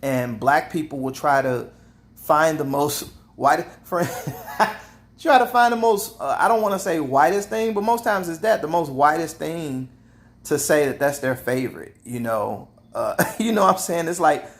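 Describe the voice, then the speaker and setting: A man talking straight to his viewers in a casual opinion monologue, animated, laughing often and repeating words. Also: on the high side, normal speed. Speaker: vlogger.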